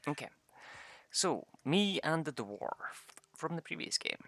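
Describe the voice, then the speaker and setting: Young man, casual rambling storyteller, gravelly and lively, dry close sound. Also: on the high side, takes it slowly, no echo. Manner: rambling, swearing, laughing often. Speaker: gamer telling tabletop game stories. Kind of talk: casual chat.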